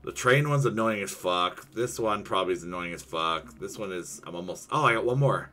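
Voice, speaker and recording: A man's voice: sits low, expressive, brisk, bright, forceful tone. A young man streaming a video game, ranting heatedly and swearing constantly in casual chat with a friend. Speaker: gaming streamer.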